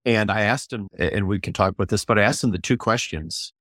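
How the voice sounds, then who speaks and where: An older man, an author and ministry leader, talking as a guest in an interview. He tells stories in an animated way, often restarts phrases, and acts out quotes in a raised voice. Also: fairly low pitch, quick pace, no echo, clean studio sound. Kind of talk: conversational storytelling interview.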